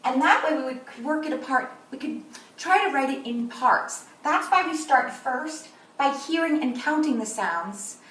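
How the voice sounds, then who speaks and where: A woman teaching kindergarten, who talks slowly and clearly to young children and sounds out and repeats words. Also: sits high, lively intonation, fairly bright tone. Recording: roomy echo, voice from a distance, faint noise.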